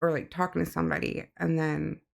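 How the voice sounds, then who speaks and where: A reaction host thinking aloud in casual chat, halting with fillers. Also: mid-range voice, flat delivery. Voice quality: gravelly, heavy vocal fry.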